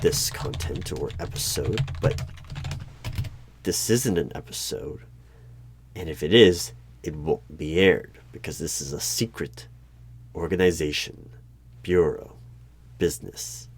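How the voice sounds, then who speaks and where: A man playing a secretive, deadpan male hiring manager of a secret bureau, asking formal, bureaucratic interview questions in a one-sided audio role-play. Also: rumbling low, slow pace, pauses often, husky, heavily acted. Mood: evasive.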